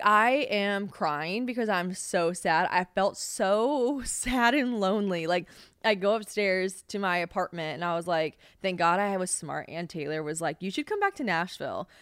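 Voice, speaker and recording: A woman's voice: lowish voice, smooth, dry recording, studio quality. A young woman hosting a podcast, chatting casually and frankly with lots of fillers and swearing, a bit hungover. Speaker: podcast host. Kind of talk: casual solo podcast chat.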